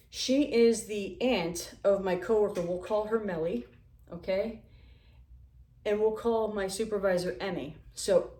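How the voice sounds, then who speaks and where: A young woman telling stories from her life in a lively, casual way, acting out the people she quotes and swearing freely. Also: medium pitch, distant mic. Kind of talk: casual storytelling. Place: home kitchen. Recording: echoey room.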